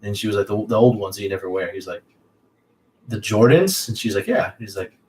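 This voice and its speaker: Man, podcast co-host, laid-back anecdote, low voice, off-mic, faint hiss. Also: expressive, a little fast, a little mellow. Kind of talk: casual chat, anecdote. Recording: distant mic with faint background noise.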